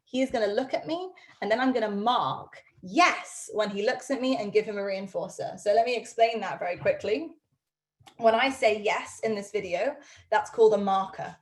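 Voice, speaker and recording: A woman's voice: medium pitch, moderate pace. A woman dog trainer teaching a live online class over a video call from her home study, upbeat and chatty with frequent ums.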